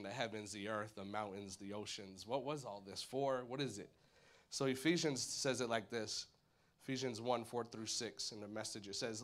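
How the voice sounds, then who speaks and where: A man preaching a sermon at a church service, energetic and casual, full of slang and jokes. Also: mid-range voice. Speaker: guest preacher.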